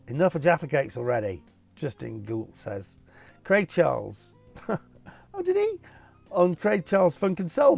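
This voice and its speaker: A cheerful middle-aged man hosts a casual Q&A video, reading out viewer questions and answering in a jokey, chatty way. His voice sits on the high side, gravelly with a darkish tone.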